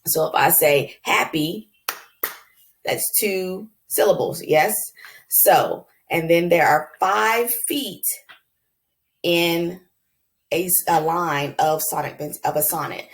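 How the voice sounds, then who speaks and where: A woman explaining a lesson to her class. Her voice sits low and has a gravelly fry, and she talks in a relaxed, chatty way, calling the students y'all and filling pauses with um. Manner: casual, addresses class as y'all, frequent ums. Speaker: teacher. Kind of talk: classroom lecture.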